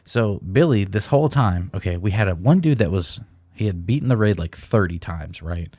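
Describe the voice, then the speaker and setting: A man's voice: low voice, animated, normal speed, darkish tone, no echo, clean studio sound. A young man co-hosting a comedy podcast, telling rambling stories full of swearing. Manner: profane, rambling storyteller. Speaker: podcast co-host. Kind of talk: casual comedy chat.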